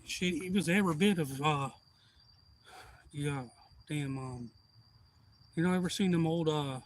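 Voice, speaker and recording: A man's voice: on the high side, a little slow. Folksy man, rambling. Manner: profane, meandering, folksy. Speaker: live stream host. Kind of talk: casual rambling storytelling.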